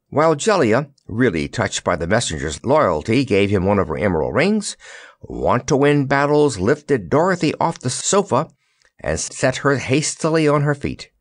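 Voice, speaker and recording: Animated male storybook narrator. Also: on the low side, moderate pace, no echo, studio quality. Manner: expressive, animated delivery. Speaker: audiobook narrator. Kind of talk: storybook reading.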